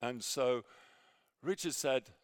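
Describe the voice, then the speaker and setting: A man preaching a sermon with a personal story, halting with many fillers and restarts, sometimes dropping to near a whisper. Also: mid-range voice, clear, resonant tone, no room sound, clean studio sound. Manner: drops to near whisper in quiet moments.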